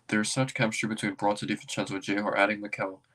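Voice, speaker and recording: A man with a fairly low voice hosts a casual fan livestream, rambling and thinking out loud. He keeps breaking into excitable bursts as he reacts to his team. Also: fast. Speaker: basketball fan streamer.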